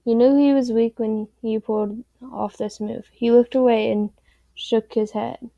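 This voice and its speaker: Casual woman storyteller, slightly high, dry close sound. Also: steady tone, unhurried, gravelly, dark tone, dry recording, dull audio. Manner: rambling, offhand. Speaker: story reader. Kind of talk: casual chat and fan story reading.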